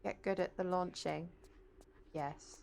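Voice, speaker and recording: Speaking slowly in a fairly low, creaky, slightly mellow voice with fairly even intonation, a woman chats casually while gaming on a live stream. She reads out and greets her viewers, using a desk mic with no webcam, and a little hiss or hum is audible.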